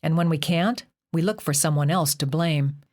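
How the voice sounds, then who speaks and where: A woman reading a calm young man. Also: sits low, moderate pace, close to an everyday voice. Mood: encouraging.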